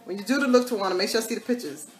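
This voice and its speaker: A woman's voice: medium pitch, animated, very fast, roomy sound, faint music behind. Chatty woman doing a makeup tutorial. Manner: chatty, repeats catchphrases in a sing-song way. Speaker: makeup vlogger. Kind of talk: casual makeup tutorial, live-streamed.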